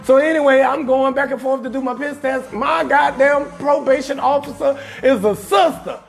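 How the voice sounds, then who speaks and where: A man comedian hosting his show, telling a profane comic story in a loud, emphatic way and often shouting his punchlines. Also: extremely high pitch, moderate pace, vocal fry, faint music behind. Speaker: comedian host.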